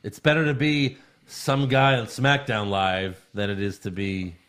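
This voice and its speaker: A man's voice: lowish voice, little pitch movement, a little slow, a bit bright. A man co-hosting a podcast, leading a jokey, casual recap of the week's shows. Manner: leads the rundown, jokey. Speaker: podcast co-host. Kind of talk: casual chat, wrestling recap.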